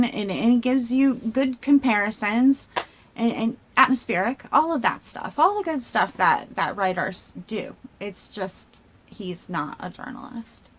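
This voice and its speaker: A woman vlogger talking to her laptop camera in a rambling, self-mocking way, thinking out loud and jumping between tangents. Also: mid-range voice. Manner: chatty and self-mocking, laughs between phrases. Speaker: vlogger and channel host. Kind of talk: casual talking-to-camera commentary.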